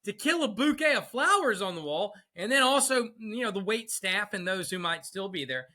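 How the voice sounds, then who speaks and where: A man's voice: high voice, big pitch swings, moderate pace, pushed and bright. A man co-hosting a podcast, retelling a film scene with wry, chuckling comments. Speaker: podcast co-host. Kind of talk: casual chat retelling a film.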